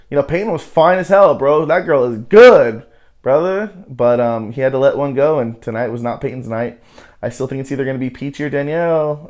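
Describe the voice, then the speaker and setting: A man's voice: medium pitch, darkish tone. A man hosting a casual reality-TV recap show, talking loosely with plenty of swearing and filler words. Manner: loose, profane, heavy on "you know" fillers.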